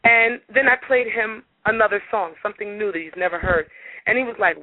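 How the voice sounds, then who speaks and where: A woman singer being interviewed on talk radio, telling stories in a lively way and acting out the dialogue. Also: on the high side, brisk, no room sound. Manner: animated, acts out dialogue in her stories. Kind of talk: casual radio interview storytelling. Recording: dry, phone-like radio audio.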